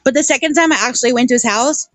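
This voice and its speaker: A high-pitched woman talks loosely on an online panel, chatty and quick to laugh. Her talk is full of fillers and restarts. The sound is close and dry, with no room around it. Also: fairly bright tone, no room sound. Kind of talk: casual panel chat.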